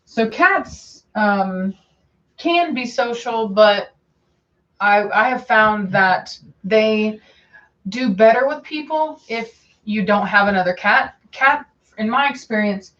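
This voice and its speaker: A woman's voice: mid-range voice, a bit bright. A woman breeder chatting casually on a livestream, answering viewer questions in a meandering way, with lots of ums and repeated phrases. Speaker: dog breeder hosting a livestream. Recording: dull lo-fi stream audio.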